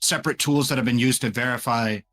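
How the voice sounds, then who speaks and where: A man in a played clip, asking halting, probing questions in a discussion. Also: medium pitch, fairly even intonation, a bit bright, faint music behind.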